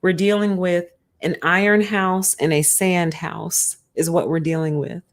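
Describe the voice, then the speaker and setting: Emphatic woman with a low voice. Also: little pitch movement, measured pace. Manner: emphatic and conversational. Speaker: streamer. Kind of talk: casual spiritual commentary.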